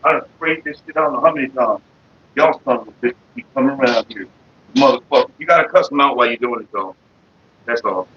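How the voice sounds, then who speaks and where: A man's voice: medium pitch, quick pace, pushed and bright, slightly rough. Profane man ranting at his desk. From Florida. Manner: profane, cussing out bugs. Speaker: streamer. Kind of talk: casual livestream rant. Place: room at a computer desk. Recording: dull lo-fi stream audio.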